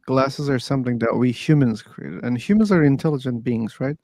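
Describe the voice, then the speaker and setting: A man's voice: medium pitch, brisk, darkish tone, no room sound. A man hosting a casual online debate, patiently explaining his points and steering the talk back to the topic. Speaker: discussion host. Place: online voice chat room.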